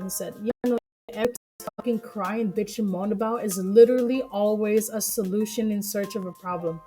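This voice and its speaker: A woman's voice: mid-range voice, dark tone. A woman streamer reacting to news stories live, ranting heatedly with lots of swearing and laughter, over choppy stream audio.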